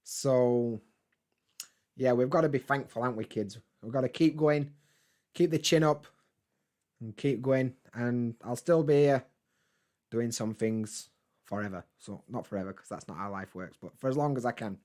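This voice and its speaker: A man chatting casually on a live stream, reading and answering chat comments in a relaxed, swearing, laughing way. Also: mid-range voice, normal speed. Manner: laid-back, chatty, swears freely, laughs often.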